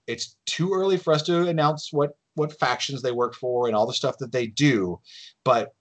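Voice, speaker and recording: A man's voice: medium pitch, normal speed. A man on a podcast enthusiastically explaining game lore, often restarting his sentences. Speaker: game designer guest. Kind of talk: casual podcast chat.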